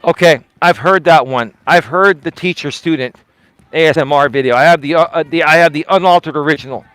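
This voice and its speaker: Male live-stream host, emphatic and defensive, speaks straight to chat; a fairly high voice, recorded dry and close. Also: brisk, fairly bright tone, clean tone, dry recording. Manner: emphatic and defensive, repeats himself; talks straight to chat, asks pointed questions. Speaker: livestream host. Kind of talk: casual live-stream commentary.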